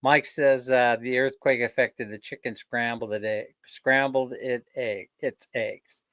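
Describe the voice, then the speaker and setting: A man's voice: mid-range voice, fairly even intonation, unhurried, fairly bright tone, dry recording. A man hosting a casual live stream, rambling and joking, chuckling often. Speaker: livestream host.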